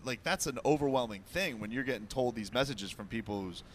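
A man hosting a radio interview in a relaxed, conversational way. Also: medium pitch, brisk, a little hiss or hum. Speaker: radio host.

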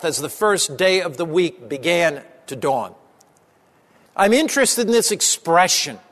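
High-voiced preaching pastor in a reverberant hall. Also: male voice. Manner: impassioned preaching with repetition, dropping low and soft for emphasis. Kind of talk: sermon.

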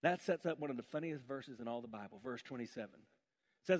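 A male pastor preaching a sermon in an animated storytelling way, swinging between loud and hushed delivery. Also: mid-range voice, a little fast.

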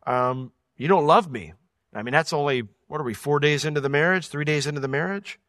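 A man's voice: a little high, fast, a bit bright, dry recording, clean studio sound. A man teaching through a Bible passage verse by verse, reading each verse aloud, explaining it plainly and now and then correcting himself.

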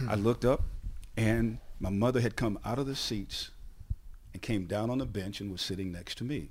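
A man's voice: lowish voice, normal speed, slight background noise. A man in a podcast interview, a TV on-air personality telling stories with many repeats and restarts. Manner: animated storyteller, repeats words and restarts. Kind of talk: casual storytelling chat.

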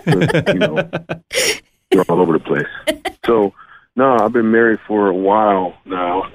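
A man in his thirties from Michigan, a comedian guest telling stories in a joking, animated way. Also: on the low side, measured pace, a little hiss or hum. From Michigan, USA. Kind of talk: phone-in radio interview. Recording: tinny phone line.

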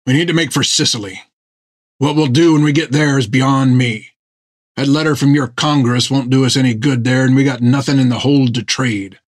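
A man voicing a gruff, stern one-legged old sailor who speaks in blunt rough seaman's dialect. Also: medium pitch, moderate pace, lightly acted.

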